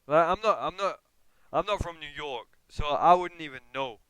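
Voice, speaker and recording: A man streaming, reacting to a video in relaxed, casual commentary and often repeating his words. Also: fairly high pitch, moderate pace, clean tone, no echo, rough recording.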